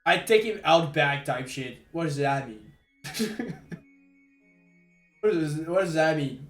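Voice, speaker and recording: A young man from Quebec with a Québécois French accent, chatting on a live stream, excitable and stammering, laughing often. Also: fairly high pitch, slow pace. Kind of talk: casual live-stream chat. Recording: echoey room with faint music.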